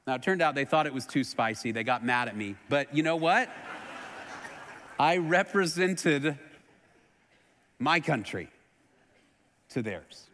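A middle-aged man from Texas preaching a sermon as pastor, earnestly, swelling loud and then dropping low and soft. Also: moderate pace. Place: church sanctuary. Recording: long hall reverb.

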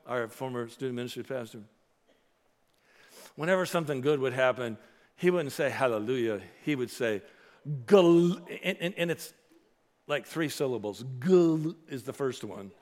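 Male pastor, sermon, emphatic then hushed, mid-pitched voice, long reverb of a church hall. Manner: swells from loud emphatic preaching to soft earnest appeal. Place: church sanctuary.

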